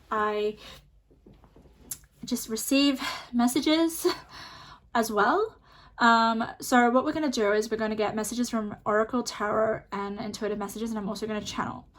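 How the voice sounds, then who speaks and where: Chatty, reassuring woman tarot reader. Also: on the high side. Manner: chatty, reassuring, many fillers like "like" and "um". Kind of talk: pick-a-card tarot reading to camera.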